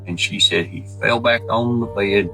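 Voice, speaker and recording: A man telling a true story in a folksy, animated way, acting out the voices he quotes. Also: fairly low pitch, normal speed, gravelly, soft background music. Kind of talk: casual spoken storytelling.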